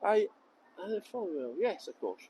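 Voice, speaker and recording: High-voiced chatty tour guide. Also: male voice, very animated, normal speed, warm tone, a little hiss or hum, poor audio. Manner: chatty, jokey, laughs often, answers viewer comments. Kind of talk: live-streamed walking tour, chatting with viewers. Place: outdoors on city streets. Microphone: handheld phone.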